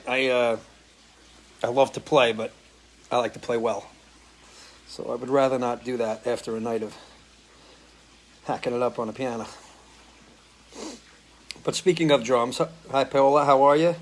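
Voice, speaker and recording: Middle-aged Northeastern man, musician host, casual live-stream chat, mid pitch, voice a touch worn from singing. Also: a little slow, long pauses. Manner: relaxed, greets viewers by name one after another. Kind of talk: casual chat greeting viewers. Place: porch at home.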